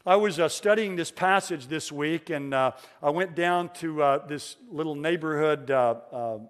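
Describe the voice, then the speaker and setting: A man's voice: on the high side, normal speed, clean tone, long reverb tail. A man preaching a sermon as pastor, earnest, repeating key phrases for emphasis with touches of humor.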